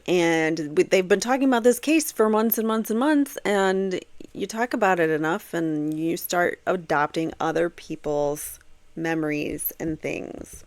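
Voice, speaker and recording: Woman host, lower voice, casual crime-show commentary with lots of ums, dry close mic. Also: dry recording. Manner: conversational, thinks aloud with many fillers. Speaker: true crime podcast host. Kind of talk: casual commentary on court testimony. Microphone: home computer setup.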